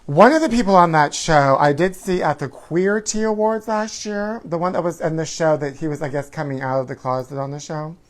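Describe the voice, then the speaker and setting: A middle-aged man with a voice on the high side talks briskly with few pauses while hosting a campy live talk show. Sassy and theatrical, he calls his viewers honey and darling and chants catchphrases in a sing-song way, all in casual live-stream chat.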